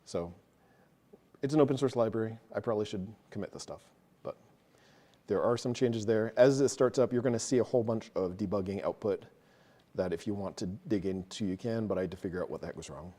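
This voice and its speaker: This presenter speaks a little fast in a lowish, dark voice as he leads a tech meetup crowd through his code step by step. His manner is casual, and he pokes fun at himself along the way during the live walkthrough.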